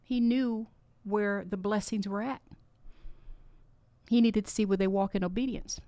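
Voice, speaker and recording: A woman's voice: mid-range voice, steady tone, a little slow, mellow, no echo. Earnest woman giving a faith talk. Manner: earnest, encouraging, emotional. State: tearful. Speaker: podcast host. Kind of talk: faith-based inspirational talk.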